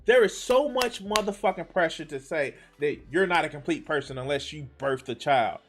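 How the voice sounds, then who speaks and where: Profane, animated male streamer. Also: on the high side, moderate pace, faint music behind. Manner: profane, exasperated, sarcastic; trails off and restarts mid-sentence. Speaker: streamer reacting to a speech. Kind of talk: live stream reaction commentary.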